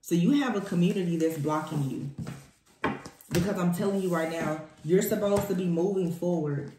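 A woman's voice: lowish voice, moderate pace, dark tone, slight background noise. A woman giving a spoken tarot reading, emphatic and repeating her key phrases for weight. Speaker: tarot reader. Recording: echoey room.

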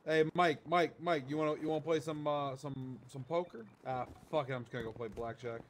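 A man reacting loudly and swearing while playing cards with others in a game. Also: fairly high pitch, fairly even intonation, slight background noise. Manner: loud, swears, quick reactions. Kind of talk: casual gaming chat.

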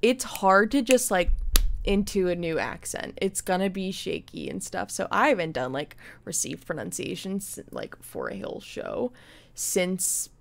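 A woman's voice: lowish voice, lively intonation, measured pace, creaky, slight background noise. A young woman streaming a video game, chatting in a rambling way and laughing often. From United States. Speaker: gaming streamer. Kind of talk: casual let's play commentary.

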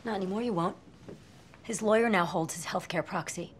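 A woman's voice: medium pitch, brisk, slight background noise, close to an everyday voice. A woman playing a stern hospital boss. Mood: cold. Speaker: hospital administrator. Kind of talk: TV drama acting.

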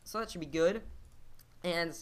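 A man's voice: on the high side, a little slow, fairly bright tone, smooth. A man hosting a game let's play, talking casually and rambling with lots of fillers and restarts.

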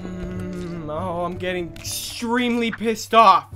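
Over game music, a young man gives laid-back gameplay commentary in a slow, high voice. He curses a lot and often erupts in frustration.

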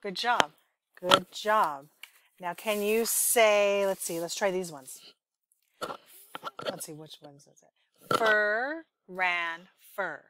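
A woman's voice: mid-range voice, takes it slowly, long pauses, fairly bright tone. A woman leading a speech therapy demonstration with a child, patient and encouraging, carefully modeling sounds.

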